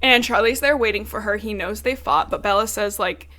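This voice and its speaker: A woman's voice: mid-range voice, fairly quick, bright, forceful tone. A woman co-hosting a podcast, casually recapping a book with loose talk and swearing. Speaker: podcast co-host.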